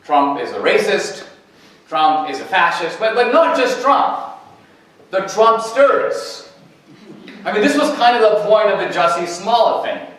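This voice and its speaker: A man's voice: sits high, sing-song, a little slow, fairly bright tone. A man giving a campus talk as a guest speaker, telling anecdotes and acting out dialogue. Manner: anecdotal storytelling, quoting dialogue. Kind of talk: campus lecture. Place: university lecture hall. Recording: echoey hall, distant mic.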